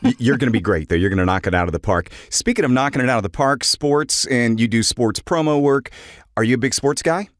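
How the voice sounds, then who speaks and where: A man's voice: medium pitch, fast talker, no echo, studio quality. A man hosting a podcast interview in an upbeat, joking manner. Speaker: podcast host.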